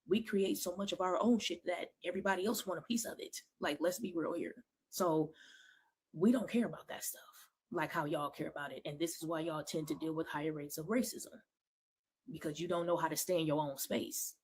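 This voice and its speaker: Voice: mid-range voice, normal speed, slightly rough. A commentator in a played clip, talking emphatically and mimicking others in raised, mocking voices. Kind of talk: video commentary.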